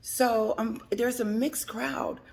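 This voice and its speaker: A woman's voice: a little high, fairly even intonation, slow, creaky, darkish tone. A woman giving chatty, dramatic celebrity gossip commentary on her vlog. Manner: chatty, dramatic, laughs between remarks.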